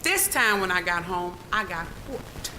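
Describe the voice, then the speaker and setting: A woman's voice: fairly low pitch, expressive, measured pace, noisy background. A woman giving an emphatic public comment at a board meeting, telling her story and repeating key phrases. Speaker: public commenter, former employee.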